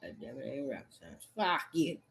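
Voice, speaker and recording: A woman in a rambling, profane rant, repeating curses and jumping between loud outbursts and low mutters. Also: sing-song, normal speed, vocal fry. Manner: erratic, repetitive, swearing constantly, swinging between shouts and mutters. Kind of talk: profane stream-of-consciousness rant.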